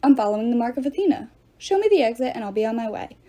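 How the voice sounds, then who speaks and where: A woman reading the part of a bold, clever teenage girl who talks back quickly and bluffs with confidence. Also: on the high side, very animated, mellow. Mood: determined.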